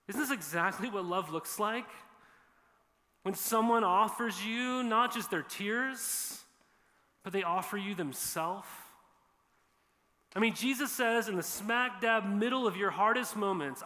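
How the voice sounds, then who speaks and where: A man's voice: high-pitched, lively intonation, unhurried, pushed and bright. A man preaching a sermon in an earnest, conversational way, repeating key phrases for emphasis. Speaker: pastor. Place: church sanctuary. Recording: long church hall reverb.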